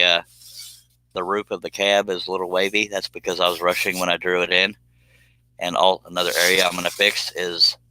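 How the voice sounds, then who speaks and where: A man's voice: deep voice, bright, forceful tone, poor audio. A man, chatting casually on a livestream while he works on a woodworking project. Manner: folksy, easygoing, explains as he works. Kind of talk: casual chat while working.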